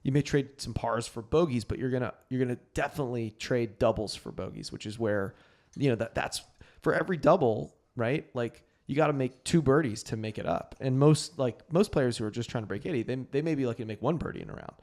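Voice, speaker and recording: A man's voice: medium pitch, a little fast, darkish tone. A man with a mid-range voice co-hosts a golf show. He rambles a little and explains his ideas with casual fillers. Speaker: podcast co-host. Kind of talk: casual chat.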